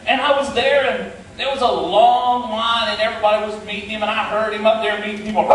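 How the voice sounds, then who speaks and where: A man's voice: high-pitched, steady tone, moderate pace, background noise. A middle-aged man with a West Virginian Appalachian accent, telling a humorous tall tale in a folksy, playful, self-deprecating way. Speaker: storyteller. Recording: echoey hall, mic from far off.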